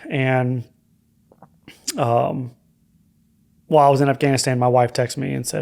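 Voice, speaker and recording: A man's voice: medium pitch, level tone, a little slow, vocal fry, pauses often, darkish tone. A young adult man telling his own life story as a guest on a podcast, candid and reflective, with frequent hesitant fillers. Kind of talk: personal story in a podcast conversation.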